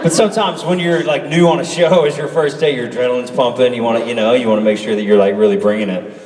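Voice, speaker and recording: On a convention panel, a man with a medium-pitched voice tells stories quickly and casually, animatedly acting out other people's lines. He's recorded from far off in a large, echoey convention hall.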